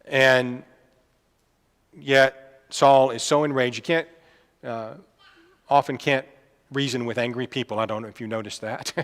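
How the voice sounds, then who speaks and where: A man's voice: medium pitch, fairly even intonation, unhurried, pauses often, fairly bright tone. Man preaching in an echoing hall. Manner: conversational, with fillers and asides. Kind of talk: sermon. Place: church hall. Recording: long reverb of a church hall.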